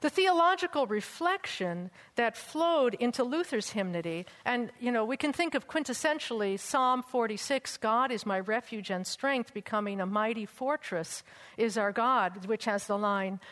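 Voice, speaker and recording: A woman's voice: a little high, lively intonation, normal speed, a bit bright. Chatty woman teaching hymns in a reverberant hall. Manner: chatty, teasing asides, breaks into chanting and singing. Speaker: church music teacher. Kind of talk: hymnal lecture with sung examples.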